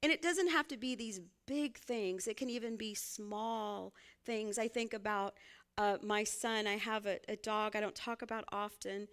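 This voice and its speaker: A woman's voice: mid-range voice, fairly even intonation, normal speed, a bit bright, smooth. A woman minister, giving a conversational, folksy sermon and laughing often as she speaks.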